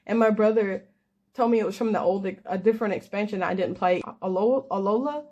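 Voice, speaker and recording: A woman's voice: medium pitch, quick pace, a little mellow. A young adult woman telling a rambling, casual story with self-deprecating laughs. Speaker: crafter and gamer.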